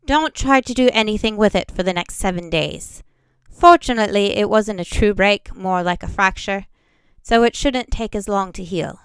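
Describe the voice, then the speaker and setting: A woman's voice: medium pitch, moderate pace, smooth, dry recording, close to an everyday voice. Woman reading as a mild, motherly healer. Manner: mild, gently scolding.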